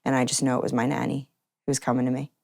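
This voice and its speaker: A woman's voice: very deep voice, little pitch movement, very fast, gravelly, darkish tone, dry recording. A woman telling her personal story in an interview, earnest and acting out remembered conversations. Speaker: interview guest.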